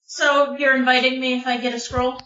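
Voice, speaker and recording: A woman's voice: high voice, level tone, normal speed, pushed and bright. A woman playing a tabletop game, speaking hesitantly and asking questions. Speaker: player. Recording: roomy, lo-fi mic.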